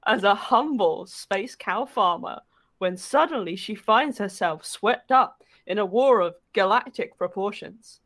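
A woman's voice: mid-range voice, fairly bright tone. A woman co-hosting a livestream, chatting casually and reading out a silly mock book blurb while laughing mid-sentence. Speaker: livestream co-host.

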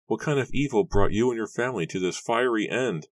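A man's voice: fairly low pitch, brisk, no room sound, pitched above the performer's own voice, lightly acted. A man voicing a desperate young woman who cries out and pleads as she runs, in an audiobook reading. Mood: frantic. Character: desperate young woman running toward a fire. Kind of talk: audiobook character voice.

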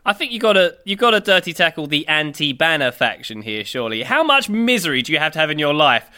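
Fast, bright joking podcast co-host man. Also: a little high, sing-song, clean tone. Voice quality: quick-witted, joking. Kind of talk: casual chat.

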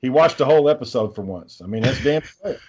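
A man's voice: medium pitch, expressive, fast talker, a little mellow, breathy edge. Man, podcast co-host, profane, rambling, reads out texts. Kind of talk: casual podcast chat.

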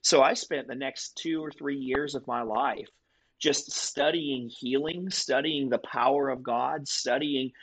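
Male guest, mid-pitched voice, earnest and vivid storyteller. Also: fairly even intonation, a little slow, fairly bright tone, a little hiss or hum, poor audio. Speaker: guest telling his testimony. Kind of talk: conversational storytelling.

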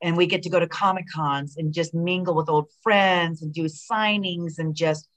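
A middle-aged woman in a relaxed interview, spinning stories with plenty of "like" and "you know". Her voice sits a little low, and she jumps into quoted dialogue with real animation. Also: normal speed. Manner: animated storyteller who acts out quoted dialogue, many fillers and restarts. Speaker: guest, retired pro wrestler. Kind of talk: casual interview chat.

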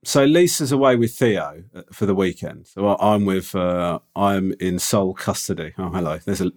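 A man's voice: deep voice, moderate pace, darkish tone. A man co-hosting a podcast, telling a rambling, self-deprecating story in casual chat. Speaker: podcast co-host.

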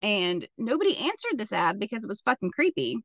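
A woman's voice: medium pitch, sing-song, fairly quick, dry recording. A woman co-hosting a podcast, telling a true crime story in casual chat with sarcastic, laughing asides.

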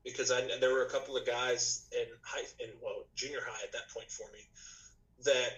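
A man, a podcast guest and musician, telling his story in casual chat, rambling with many restarts, his voice slightly rough tonight. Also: mid-range voice, steady tone, normal speed, fairly bright tone, rough recording. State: slightly rough voice, clearing throat.

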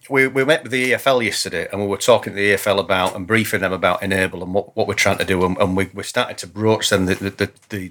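Speaking with a fairly low, slightly bright voice, this man is a police chief superintendent being interviewed as a guest. The conversation is relaxed, and he comes across as earnest, often starting over and repeating words as he works through his thoughts.

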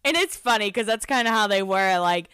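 A woman hosts a casual podcast recapping a reality show, chatty and self-deprecating, filling her talk with lots of "like." Her mid-range voice is animated and brisk, with a fairly bright, clean tone. The recording is dry.

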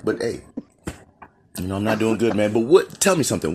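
Caller, man, deep and animated, faint clicking noise behind. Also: brisk. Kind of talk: voice message.

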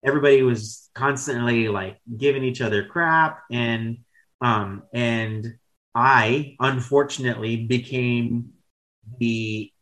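A man's voice: mid-range voice, takes it slowly, fairly bright tone, low-quality recording. A man in his thirties telling candid, rambling stories as a podcast guest, with casual swearing and self-corrections. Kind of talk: casual storytelling chat.

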